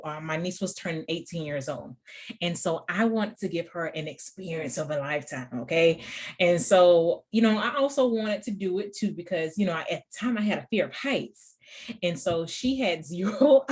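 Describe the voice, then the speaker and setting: A woman in her thirties hosting a podcast, telling a personal story in a casual, chatty way, often laughing and talking straight to her listeners. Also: mid-range voice. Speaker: podcast host.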